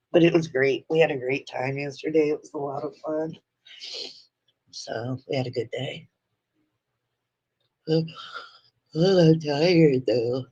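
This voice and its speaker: A woman with a deep, darkish, slightly breathy voice hosts a livestream from home, telling stories in a blunt, profane, chatty manner. The dry recording has the dull, lo-fi quality of livestream audio.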